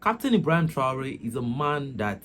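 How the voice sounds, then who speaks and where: A man's voice: mid-range voice, very animated, normal speed, fairly bright tone, a little hiss or hum. A man from Nigeria hosting his own channel, giving chatty commentary with frequent laughter and repeated words. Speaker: channel host. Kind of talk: casual commentary to camera.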